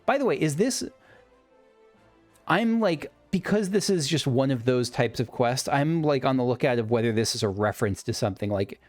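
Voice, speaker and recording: A man's voice: medium pitch, lively intonation, normal speed, soft background music. A man casually commenting as he plays a video game, enthusiastic and rambling, often breaking off mid-sentence. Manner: enthusiastic, rambling, self-interrupting. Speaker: let's play host.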